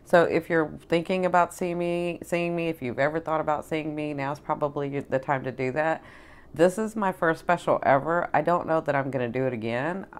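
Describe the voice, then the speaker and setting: Very low-voiced effusive woman tarot reader. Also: normal speed, clean tone. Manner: effusive, repeats herself, many fillers. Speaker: spiritual advisor and tarot reader. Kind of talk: casual tarot chat to camera.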